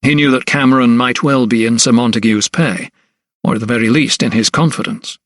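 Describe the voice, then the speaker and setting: A male audiobook narrator with a mid-pitched voice, telling a period mystery in a measured, even way. The recording is dry and close, with no room sound. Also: no echo. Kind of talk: scripted narration.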